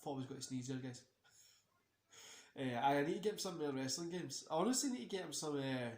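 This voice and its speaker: A man's voice: fairly high pitch, expressive, fairly quick, a little mellow. A tired man hosting a casual wrestling watch-along, rambling and swearing freely between many fillers. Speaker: host. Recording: roomy echo.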